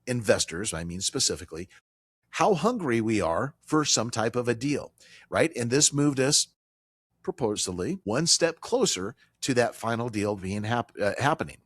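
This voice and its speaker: A man hosting a money talk radio show, with a lively pitch that swings up and down as he drives home each point. His voice is dry and close, with no room around it. He presses his points hard and circles back to repeat them. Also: slightly rough, no room sound. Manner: emphatic, animated, repeats key points; casual banter with a colleague.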